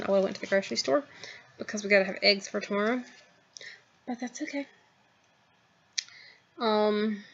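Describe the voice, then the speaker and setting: A woman in her thirties talks casually into her camera at home, wandering from thought to thought with frequent ums and little asides. Her voice sits at a middle pitch for a woman. The home video sound is a little dull and muffled. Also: fairly bright tone, slight background noise. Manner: rambling, many ums and trailing asides. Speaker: vlogger. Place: at home, in a house.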